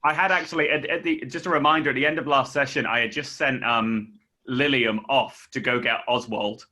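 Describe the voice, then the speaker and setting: A man playing a tabletop game, explaining his move with pauses and fillers. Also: medium pitch, fairly even intonation, bright, forceful tone. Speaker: player.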